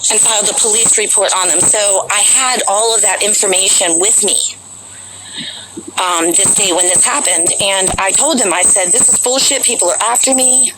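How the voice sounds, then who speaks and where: A woman's voice: medium pitch, moderate pace, noisy background. A woman vlogger telling a long personal story to her viewers in a rambling, chatty way, full of fillers, outdoors near a capitol building. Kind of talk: casual storytelling to camera.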